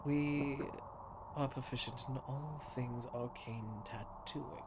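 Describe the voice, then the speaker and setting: A man's voice: medium pitch, fairly even intonation, slow pace, lightly acted. Man voicing a chatty fire elemental tattooist. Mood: breezy. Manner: breezy, chatty, darkly cheerful. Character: male blue fire elemental tattoo artist in a tuxedo. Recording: noisy background.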